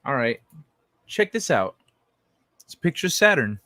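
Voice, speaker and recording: A man's voice: mid-range voice, big pitch swings, moderate pace, sharp tone, dry recording. A young adult man hosting a late-night livestream, chatting casually and reading viewer messages, loose and profane, rambling with many restarts. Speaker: livestream host.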